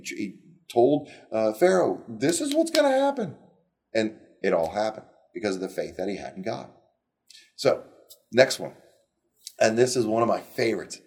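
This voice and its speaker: A middle-aged man retelling Bible stories in an animated, conversational way, with frequent restarts. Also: mid-range voice, gravelly. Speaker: Bible teacher. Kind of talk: casual Bible storytelling.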